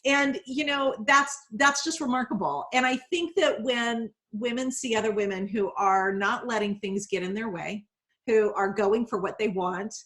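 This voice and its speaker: A woman's voice: fairly high pitch, normal speed, a bit bright. A woman hosting a live video interview, effusive and admiring toward her guest. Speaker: host.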